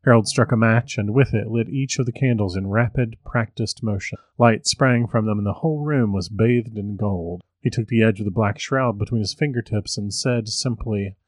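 A man who hosts a podcast, reading a story aloud in an even, measured way. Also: fairly low pitch, dry recording.

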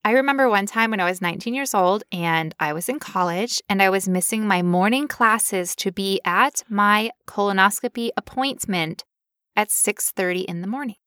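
Smooth bright-voiced woman podcaster. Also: mid-range voice, moderate pace, no echo, clean studio sound. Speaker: podcast co-host. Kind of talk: casual podcast chat.

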